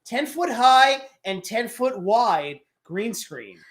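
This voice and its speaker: A man's voice: extremely high pitch, big pitch swings, slow, a bit bright. A man hosting a casual live stream, rambling loosely and swearing casually.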